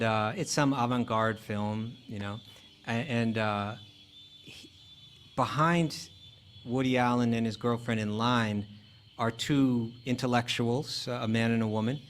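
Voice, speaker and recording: Male teacher, mid-pitched, chatty lecture delivery full of restarts, faint noise underneath. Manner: conversational, many fillers and restarts. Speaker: spiritual teacher. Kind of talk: casual lecture.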